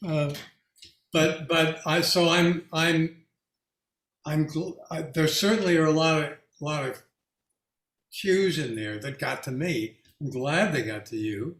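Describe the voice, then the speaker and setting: A man's voice: fairly high pitch, fairly bright tone, reverberant. A man, a featured artist, talking reflectively and casually with an audience, often restarting his sentences and laughing through his anecdotes. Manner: halting with many restarts, laughs while telling anecdotes.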